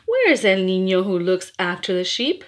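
A woman's voice: medium pitch, very animated, normal speed. Sing-song woman reading nursery rhymes. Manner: sing-song, playful, rhythmic. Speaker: storyteller.

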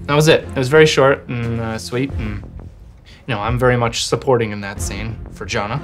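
Animated Canadian man telling stories. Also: medium pitch, brisk, faint music behind. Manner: animated storyteller who slips into voices. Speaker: guest. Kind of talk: casual interview chat.

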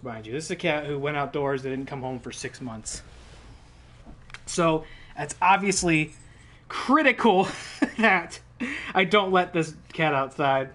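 A man's voice: a little high, sharp tone. A man streaming a video game, telling a rambling, profane story in casual live-stream chat.

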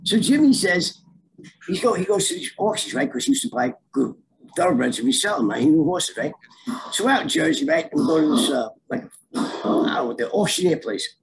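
Gravelly animated New storyteller man. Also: a little high, brisk, background noise. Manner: animated, streetwise, acts out voices in his stories. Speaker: storyteller guest. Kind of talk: casual storytelling.

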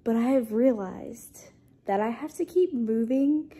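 Woman, young adult, tired, husky, slow-talking, chatty vlogger, at home. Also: a little high, expressive, mellow. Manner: chatty, self-deprecating. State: tired, sleepy. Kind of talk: casual vlog chat.

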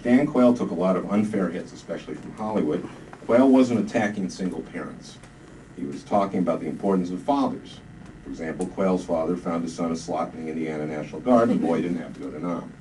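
A man reading his own comic book aloud to a live audience with dry, deadpan delivery. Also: deep voice, a little fast. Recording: distant mic, noisy live room.

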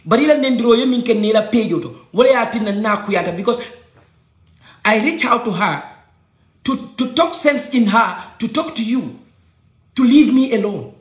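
A man's voice: very high-pitched, expressive, moderate pace. A man with a Gambian accent giving a heated personal rant, agitated and repeating his points. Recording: echoey room.

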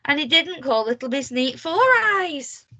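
On a lo-fi recording, a woman with a high-pitched voice reads a little slowly. She's a primary school teacher sharing a picture book with young children, animated and asking them questions along the way.

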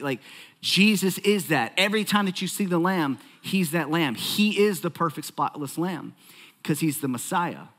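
A male pastor delivering a sermon in a church. His voice sits somewhat high for a man, and he talks in an animated, conversational way, joking with the congregation and acting out quick asides.

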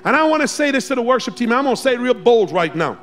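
Pastor guy preaching hard in church, high voice, soft music underneath. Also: fast talker. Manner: exhorting, calls on the congregation to respond; lively, swings between loud shouts and quiet asides. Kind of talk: sermon. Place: church sanctuary.

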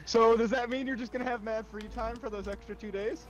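A man's voice: extremely high pitch, fairly even intonation, fairly quick, muffled recording, a crowd in the background. A young man bantering with a friend during a game, teasing and crude. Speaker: friend co-playing on stream. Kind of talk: casual banter over voice chat.

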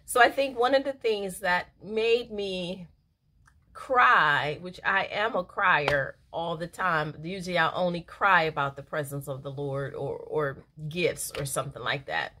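A woman's voice: lowish voice, measured pace, sharp tone. A middle-aged woman reading a daily devotional aloud and reflecting on it in a casual, earnest, emotional way, laughing easily. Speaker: devotional speaker.

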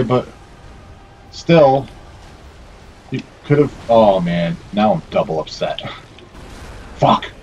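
A man's voice: medium pitch, sing-song, slow, long pauses, darkish tone, lo-fi sound, a little hiss or hum. A man giving casual let's play commentary, swearing, scolding himself and talking to the characters on screen. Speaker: gameplay commentator.

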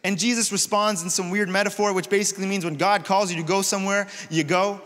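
A man preaching a sermon in a church, retelling scripture in a relaxed, conversational way. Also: high voice, fast. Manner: conversational storytelling, retells scripture in casual paraphrase. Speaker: pastor. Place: church auditorium. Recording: long hall reverb.

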